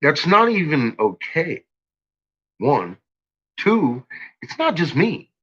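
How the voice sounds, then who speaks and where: A man's voice: on the high side, very animated, takes it slowly, fairly bright tone, slightly rough, lo-fi sound. Agitated, profane man ranting. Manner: agitated, profane, stumbling restarts. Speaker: vlogger. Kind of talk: angry rant to viewers.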